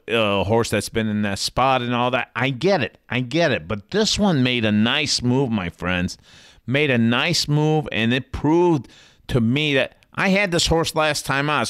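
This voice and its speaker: A smooth, resonant man talks through his horse racing picks in a blunt, chatty way. His voice is close and dry, with no room sound. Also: medium pitch, fairly bright tone, dry recording. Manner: blunt, chatty, swears casually. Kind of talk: casual race picks talk.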